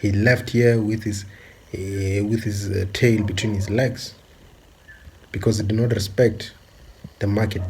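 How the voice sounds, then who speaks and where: A man from South Africa delivering a forceful, repetitive monologue with many filler pauses. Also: fairly low pitch, level tone, a little hiss or hum. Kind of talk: impassioned monologue.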